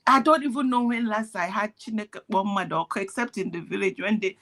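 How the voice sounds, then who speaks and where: A woman's voice: medium pitch, brisk, few pauses, bright, forceful tone. A woman giving earnest, preachy commentary in parables, sounding pained. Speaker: activist speaking on a call. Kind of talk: impassioned commentary.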